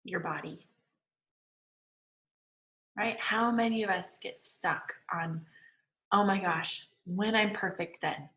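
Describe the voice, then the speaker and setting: Bright, chatty woman coach in a roomy space. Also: mid-range voice, slow, long pauses. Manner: chatty, peppered with "like" and laughs. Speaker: manifesting coach. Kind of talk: casual online lecture.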